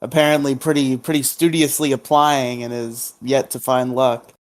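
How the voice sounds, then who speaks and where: A man's voice: mid-range voice, little pitch movement, normal speed. A man co-hosting a podcast in casual chat, rambling, tripping over his words and laughing along. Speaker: podcast co-host.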